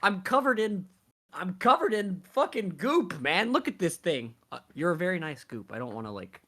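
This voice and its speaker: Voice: medium pitch, very animated, normal speed, sharp tone. A player at a tabletop game ranting in character, exasperated and swearing freely. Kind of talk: in-character roleplay rant.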